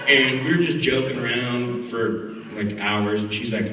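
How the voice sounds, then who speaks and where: A man telling lively anecdotes at a film Q&A, acting out voices and laughing often. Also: medium pitch, measured pace, a crowd in the background. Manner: animated storyteller, acts out quotes, laughs often. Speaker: actor answering audience questions. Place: festival screening hall. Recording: echoey hall from far off, dull audio.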